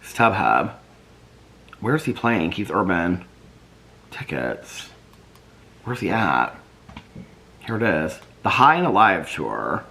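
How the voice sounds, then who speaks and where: Male vlogger, deep soothing voice with a lively pitch, chatty and rambling. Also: takes it slowly, vocal fry, long pauses. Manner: chatty, rambling, thinks aloud while searching online. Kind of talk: casual chat reading viewer comments.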